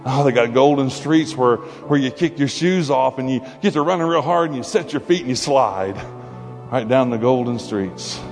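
Animated man preaching in a reverberant hall. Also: mid-range voice. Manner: animated, conversational preaching with playful asides. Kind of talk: sermon. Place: church hall before a congregation. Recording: long hall reverb with faint music.

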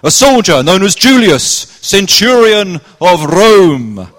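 A man's voice: sits high, big pitch swings, takes it slowly, fairly bright tone, pitched above the performer's own voice, full character voice. A man doing a Cornish sea captain in rhyme. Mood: rhyming. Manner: sing-song, emphatic. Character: jolly male sea captain narrating in rhyme. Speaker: ship's captain narrator. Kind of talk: rhyming verse narration in a live church play. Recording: echoey hall.

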